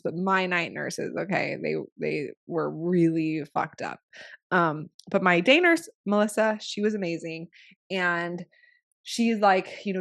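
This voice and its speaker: A woman's voice: on the low side, a bit bright. A young woman telling her own story as a podcast guest. She talks frankly and casually, swears freely and uses lots of filler words. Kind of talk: candid personal storytelling.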